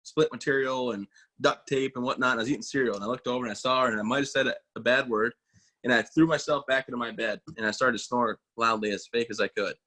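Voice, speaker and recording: A man's voice: mid-range voice, steady tone, quick pace, pushed and bright. A man in his thirties, an army veteran, telling stories in a casual interview, folksy and self-mocking, acting out quoted voices. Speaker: guest, army veteran and motivational speaker.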